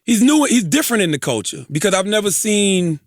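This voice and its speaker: A man's voice: high-pitched, sing-song, brisk, dry recording. A man co-hosting a podcast in casual banter, emphatic and repetitive, swearing freely, speaking into a studio microphone. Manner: emphatic, repeats himself, drops swear words. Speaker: podcast co-host.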